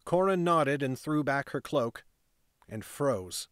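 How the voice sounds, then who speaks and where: A man reads a fantasy novel aloud at a steady pace, his voice at an ordinary male pitch. The sound is dry and close, with no room echo at all. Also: slow, clean tone. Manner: steady reading with casual off-script asides. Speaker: narrator reading a novel aloud. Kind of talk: fantasy audiobook narration.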